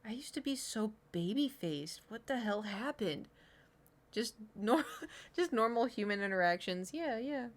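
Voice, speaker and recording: A woman's voice: fairly high pitch, animated, a little slow. Giggly, chatty woman streamer from Oklahoma. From Oklahoma, USA. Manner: giggly, self-mocking, chatty with many fillers. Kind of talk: casual chat reading old diary entries aloud.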